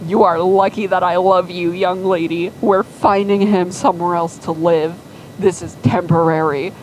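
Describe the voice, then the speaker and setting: A woman's voice: fairly low pitch, fairly even intonation, moderate pace, slight background noise, lightly acted, rough recording. A woman voicing a hot-tempered middle-aged father who talks in a blunt, exasperated way. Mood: stern.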